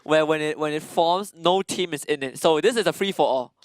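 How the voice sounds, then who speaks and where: A man's voice: on the high side, a little fast. A man doing live esports play-by-play, giggling and exclaiming as he calls the action. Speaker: esports caster.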